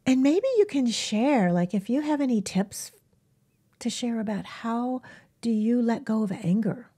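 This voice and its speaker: Gentle female animal healer, somewhat high voice, warm and hushed, casual advice to camera. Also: lively intonation, measured pace, breathy edge. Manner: gentle, often drops to a soft whisper. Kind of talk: casual self-help talk to camera.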